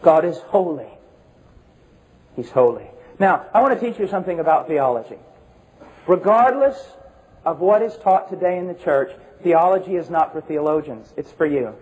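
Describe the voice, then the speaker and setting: A man preaching with a notably high voice. He hammers his points with repetition and pointed rhetorical questions. His delivery lurches between raised, almost shouted declarations and low, hushed warnings. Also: fairly quick, low-quality recording. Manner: impassioned, emphatic, swings between shouting and hushed low tones. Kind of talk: sermon.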